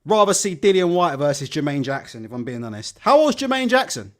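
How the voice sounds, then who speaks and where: A man's voice: a little high, a little fast. A man hosting a live boxing stream, swearing and sarcastic in his commentary. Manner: profane, sarcastic, animated. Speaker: boxing show host.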